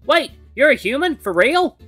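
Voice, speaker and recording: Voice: medium pitch, big pitch swings, brisk, faint music behind, voice pushed up. A game streamer reading aloud and voicing a friendly, curious male kangaroo-like creature in a visual novel, with a put-on Southern twang. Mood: startled. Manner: bright, eager, chatty.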